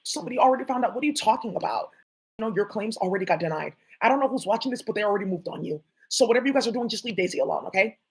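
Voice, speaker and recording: A woman's voice: medium pitch, animated, racing, slightly rough, poor audio. A woman vlogger talking to her viewers in a rambling, jumpy monologue, swearing often.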